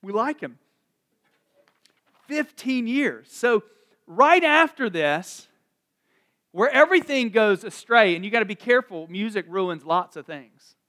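A man preaching in a casual, chatty way, retelling a Bible story and acting out the characters' lines in quick asides. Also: sits high, lively intonation, pushed and bright.

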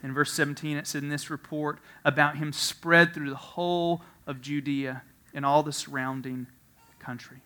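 A man preaching a sermon, telling a story with frequent laughter, swinging from quiet asides to loud emphasis. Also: a little high, fairly even intonation, normal speed. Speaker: pastor.

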